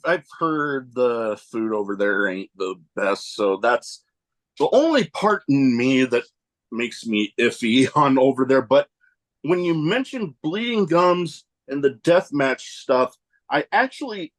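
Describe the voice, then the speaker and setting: Lively-pitched male podcast host. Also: slow. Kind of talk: casual interview chat.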